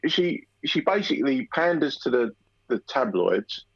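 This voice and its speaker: A man's voice: mid-range voice, big pitch swings, a little slow, breathy edge, dry recording, muffled recording. A man chatting casually over a call as co-host, blunt and swearing freely. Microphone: call line.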